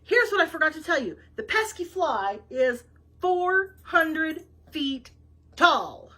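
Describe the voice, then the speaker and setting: A woman voicing a bossy, blustering male president who gives loud orders. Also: high voice, big pitch swings, slow, voice pushed up, full character voice.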